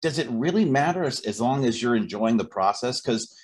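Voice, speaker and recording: Animated, profane male podcast co-host. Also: medium pitch, a little fast. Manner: profane, animated, repeats words as he builds a point. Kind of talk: casual chat.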